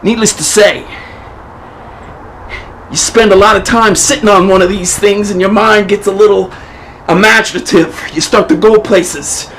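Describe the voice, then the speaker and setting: A man delivering a profane, manic improvised comedy rant to the camera, often shouting. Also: high voice, steady tone, normal speed, pauses often, a little hiss or hum, low-quality recording. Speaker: performer of an improvised comedy monologue.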